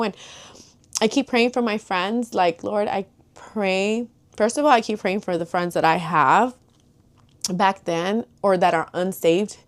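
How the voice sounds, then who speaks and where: A young woman vlogging casually to her viewers, chatty and rambling, with many fillers like "like" and "you know". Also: on the low side. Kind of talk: casual chat to camera.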